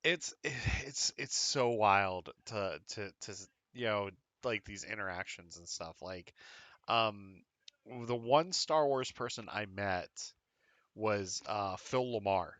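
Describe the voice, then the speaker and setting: A man co-hosting a live podcast in relaxed chat, chiming in with easy short replies. His voice is recorded dry and close, with no room sound around it. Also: fairly low pitch, slow, dry recording. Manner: laid-back listener, chimes in with short replies. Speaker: podcast co-host. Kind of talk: casual chat.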